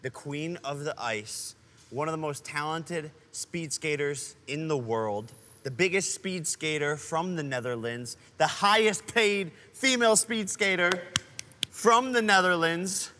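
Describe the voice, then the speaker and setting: A man's voice: fairly high pitch, unhurried, sharp tone, big-room sound, slight background noise. Hyped young male podcast host. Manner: hyped, jokey introductions. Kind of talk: casual podcast chat.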